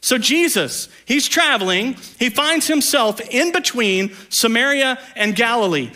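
A man preaching a sermon as the pastor, conversational and joking, slowing down to read scripture aloud. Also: extremely high pitch, expressive, bright, forceful tone.

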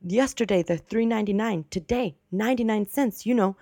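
A woman's voice: medium pitch, a little fast, warm tone, no echo, studio quality, pitched above the performer's own voice, close to an everyday voice. A woman voicing a chatty, insistent old man in his seventies with an Italian accent, quoted within her story. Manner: insistent, repeating himself.

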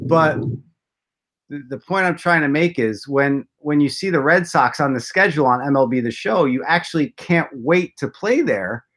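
Chatty storytelling man, higher voice. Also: a bit bright. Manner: rambling storyteller with self-deprecating jokes. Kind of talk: casual chat.

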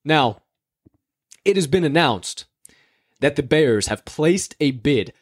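A man's voice: fairly high pitch, animated, takes it slowly, no room sound, clean studio sound. A young man from the Chicago area hosting a sports betting podcast in a casual, upbeat, hype-filled way. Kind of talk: casual chat.

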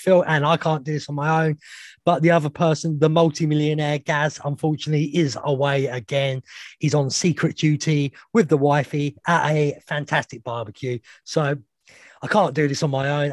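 Male podcast host; chatty, joking, keeps things moving; slightly high voice, dry audio. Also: no room sound. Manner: jokey, chatty, steering the conversation. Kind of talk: casual podcast chat.

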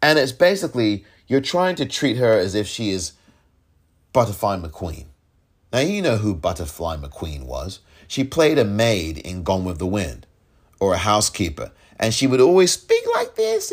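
A man's voice: lowish voice, huge pitch swings, moderate pace, husky. A man hosting a solo political podcast, talking in an emphatic, exasperated way and repeating points for stress. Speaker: podcast host.

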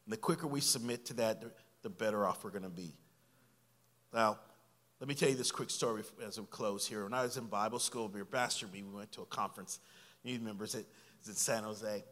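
A man preaching a sermon and telling a personal story. He swings from hushed, quiet lines to loud, excited ones. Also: mid-range voice. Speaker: pastor. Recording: long hall reverb under loud guitar music. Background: loud guitar playing.

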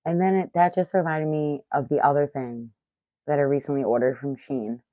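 Low-voiced excitable middle-aged woman. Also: no room sound. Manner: excitable, profane, rambling. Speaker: vlogger. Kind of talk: casual chat.

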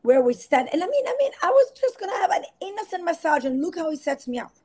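A woman, a podcast guest telling stories in casual, animated talk, acting out what people said. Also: very high-pitched, fast. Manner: animated storyteller acting out quotes. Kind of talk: casual faith-based interview talk.

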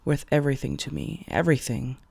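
A man voicing a hot-tempered young male hero, talking in rough, clipped, swearing bursts. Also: a little high, steady tone, quick pace, a little mellow, dry recording, heavily acted. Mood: strained.

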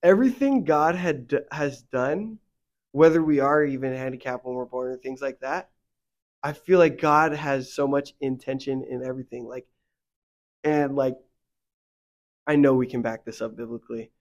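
Heard through muffled audio, the young co-host of a faith podcast talks at normal speed with a medium pitch. His casual, filler-heavy rambling gives way to heated animation when he vents.

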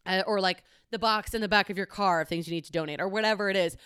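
Chatty young woman, smooth and dry. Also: medium pitch, fast, a bit bright, no room sound. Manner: chatty, candid, peppered with "like" and swearing. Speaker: podcast host. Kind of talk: casual solo podcast monologue.

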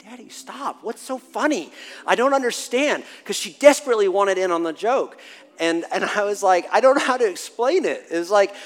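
A man in his forties preaching a sermon and telling a family story, animated, swinging from hushed to loud and laughing. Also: sits high. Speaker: pastor. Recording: long hall reverb with faint music.

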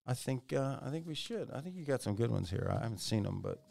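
A man's voice: mid-range voice, expressive, fast, gravelly, a little mellow. A middle-aged man co-hosting a podcast, joking around and rambling through restarts. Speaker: podcast co-host. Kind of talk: casual chat.

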